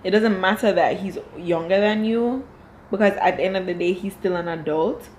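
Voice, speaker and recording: A woman's voice: medium pitch, moderate pace, a little mellow, a little hiss or hum, low-quality recording. A woman reviewing a reality show from home, talking casually and firing off exasperated rhetorical questions. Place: home room.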